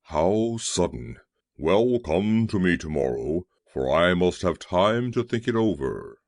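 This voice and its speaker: A man's voice: low voice, very animated, takes it slowly, a little mellow, no echo, clean studio sound, voice pushed down, full character voice. A man voicing the invisible Oz as a solemn, commanding, terrible voice in an audiobook. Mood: uneasy. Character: invisible Oz, booming grand terrible male voice.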